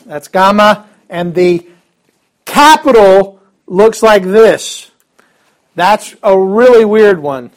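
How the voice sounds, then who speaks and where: A man's voice: sits high, lively intonation, takes it slowly. A man teaching a Greek alphabet class in a classroom, upbeat and chatty with joking asides. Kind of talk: classroom lesson.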